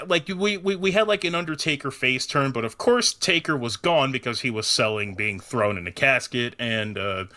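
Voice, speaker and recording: A man in his thirties chatting casually as a podcast host, stammering and repeating words as he gets excited. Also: mid-range voice. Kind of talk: casual chat.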